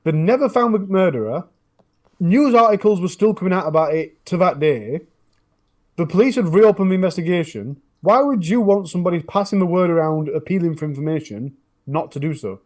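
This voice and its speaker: Rambling northern English man, higher voice. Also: lively intonation, a little fast, darkish tone. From northern England. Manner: rambling storytelling with frequent restarts. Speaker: true crime YouTuber, podcast regular. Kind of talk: casual podcast chat.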